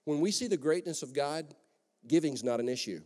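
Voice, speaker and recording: A man preaching a lively sermon as pastor, conversational and joking, in a large church hall. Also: on the high side, brisk. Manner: energetic, conversational, joking asides. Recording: long echo of a church hall.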